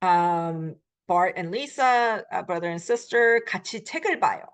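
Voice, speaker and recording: Low-voiced woman teaching a language class. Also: clear, resonant tone. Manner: explains step by step, modeling short Korean phrases; relaxed, with frequent filler pauses. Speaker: Korean language instructor. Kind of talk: recorded beginner language lecture.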